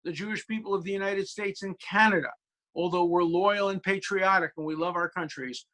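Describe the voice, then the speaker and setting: A man's voice: sits high, fairly even intonation, a little fast, pushed and bright. A male law professor speaking as a guest on a video call, emphatic and storytelling, with many hesitations.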